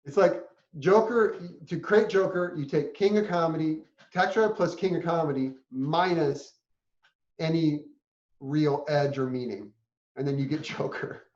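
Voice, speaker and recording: A man's voice: on the high side, moderate pace, a little mellow. Opinionated man in an echoey room. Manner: opinionated, self-deprecating critic. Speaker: podcast co-host. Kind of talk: casual chat. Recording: echoey room, dull lo-fi sound.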